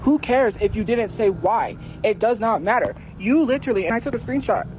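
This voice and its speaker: A woman's voice: fairly high pitch, lively intonation, brisk, darkish tone, a little hiss or hum, low-quality recording. A woman arguing insistently on a livestream, repeating her point again and again. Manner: insistent, repetitive, confrontational. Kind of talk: heated livestream argument.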